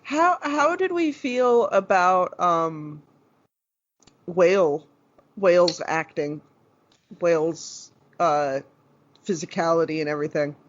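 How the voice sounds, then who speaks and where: Lively, gushing podcast co-host. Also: medium pitch, slow pace, pauses often. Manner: enthusiastic, gushing, casual swearing. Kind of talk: casual chat reviewing a TV episode. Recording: dull lo-fi recording.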